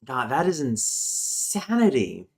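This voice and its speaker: A man's voice: mid-range voice, huge pitch swings, slow, gravelly, a little mellow. Man reading linguistics notes aloud. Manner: thinks aloud, breaks off with muttered asides. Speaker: streamer teaching linguistics. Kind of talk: casual live-stream lesson, reading notes aloud.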